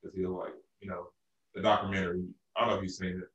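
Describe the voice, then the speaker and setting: Deep-voiced man telling a rambling story. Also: little pitch movement, fast talker, distant mic, muffled recording, a crowd in the background. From Arkansas, USA. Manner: rambling, with many restarts and fillers. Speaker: podcast co-host. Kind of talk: casual storytelling chat. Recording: roomy echo, a bit off-mic.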